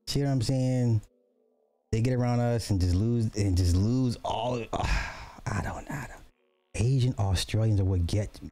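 A man hosting a podcast, giving casual reaction commentary with excitable, joking asides. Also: medium pitch, dry recording. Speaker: podcast host reacting to videos.

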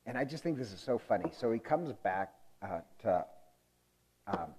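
A man's voice: on the low side, expressive, normal speed, a little mellow, husky. A man preaching a conversational sermon, telling a story in a chatty, amused way with many ums and uhs. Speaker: pastor.

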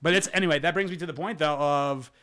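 A man's voice: fairly high pitch, quick pace, a bit bright, clear, resonant tone. A man hosting a podcast in casual chat, rambling with lots of fillers and swearing freely. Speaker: podcast host, dog trainer.

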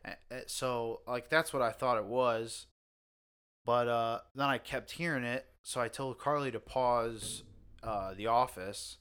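A man telling a story among friends in casual podcast chat, animated and swearing, getting loud at the tense parts. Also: medium pitch, a little slow, clear, resonant tone. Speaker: podcast co-host.

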